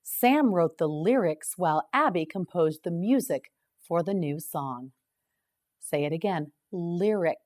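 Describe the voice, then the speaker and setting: Woman, English teacher, scripted word drill, slow careful enunciation, low voice. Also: animated, a little mellow. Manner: slow, clearly enunciated repetition.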